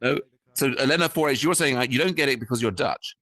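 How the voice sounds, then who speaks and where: A man's voice: medium pitch, quick pace, fairly bright tone, dry recording. A man doing improvised stand-up as host in a virtual world, rambling and self-mocking with many restarts, talking into a headset.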